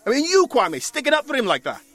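A man's voice: very high voice, huge pitch swings, fast, a bit bright, soft background music, full character voice. An actor playing a young man who was wrongly jailed, agitated and stammering. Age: young adult.

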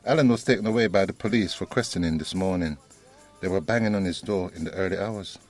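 Calm, earnest man with a lowish voice. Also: soft background music. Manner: measured, earnest. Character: calm, principled male friend.

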